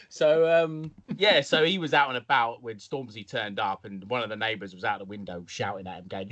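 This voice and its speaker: A young man co-hosting a podcast tells a story in a laid-back way, now and then slipping into mock voices. His voice is medium-pitched with a sharp tone, and he talks a little slowly.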